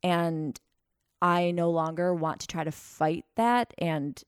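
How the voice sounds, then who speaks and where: A woman's voice: on the low side, slow, clean tone, no echo, clean studio sound. A young woman hosting a podcast, talking in a rambling, self-deprecating way in casual chat. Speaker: podcast host.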